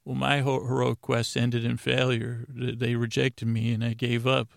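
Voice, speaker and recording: A man hosting a sleep podcast, rambling and stammering in a deadpan comedic monologue. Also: mid-range voice, normal speed, creaky, hardly any pauses, dry recording, studio quality. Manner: stammering, self-interrupting, deadpan.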